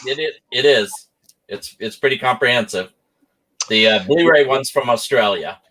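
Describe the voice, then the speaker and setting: A man's voice: mid-range voice, lively intonation, moderate pace, pushed and bright, rough recording. A man chatting as a guest on an online call, friendly, laughing often and repeating words as he goes. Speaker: guest, video creator. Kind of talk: casual chat.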